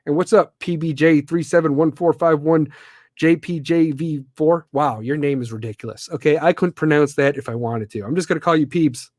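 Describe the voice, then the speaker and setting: A man's voice: on the high side, moderate pace, darkish tone, no room sound, clean studio sound. A man from the Midwestern US hosting a live podcast, ranting bluntly and with plenty of profanity. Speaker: podcast host.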